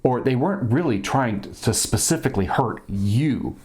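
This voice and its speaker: A man's voice: medium pitch, moderate pace. A man, a former police officer and podcast guest, talking casually and acting out the people in his stories with a raised voice. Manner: animated storyteller, acts out quoted people in a raised voice. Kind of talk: casual chat.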